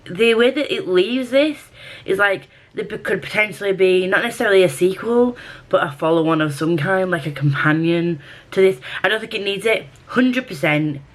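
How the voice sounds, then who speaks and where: A woman's voice: medium pitch, animated, moderate pace. A young woman chatting casually to camera at home about books, rambling and self-mocking, with casual swearing. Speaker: book vlogger. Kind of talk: casual vlog chat to camera.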